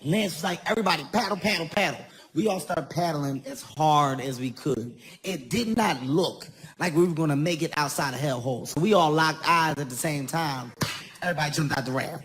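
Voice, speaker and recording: A man doing stand-up comedy storytelling, animated and self-mocking, often laughing through his own lines. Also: on the high side. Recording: live venue, audible ambient noise.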